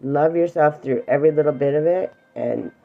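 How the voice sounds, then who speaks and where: Middle-aged woman talking straight to a viewer, low voice, earnest and reassuring, kinda muffled lo-fi audio. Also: moderate pace, gravelly, soft background music. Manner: emotional, near tears at times. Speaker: emotional awareness teacher. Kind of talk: casual livestream talk to viewers.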